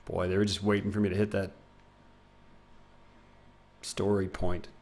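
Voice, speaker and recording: A man's voice: low-pitched, flat delivery, measured pace, a little mellow. A young man streaming a game live, chatting casually with his viewers and rambling, self-mocking, often trailing off into mumbles.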